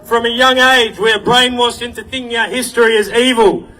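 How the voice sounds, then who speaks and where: A man giving a forceful, rousing speech at an outdoor rally and introducing speakers, shouting at times. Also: very high voice, steady tone, fairly quick, recorded from a distance, poor audio.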